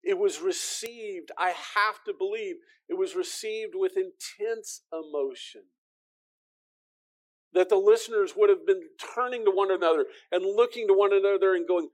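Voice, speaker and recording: Pastor, male, high-pitched, earnest sermon delivery that builds to emphatic peaks and falls soft. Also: normal speed. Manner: earnest, rising into emphatic preaching, drops to soft tones; repeats words, talks to the congregation directly.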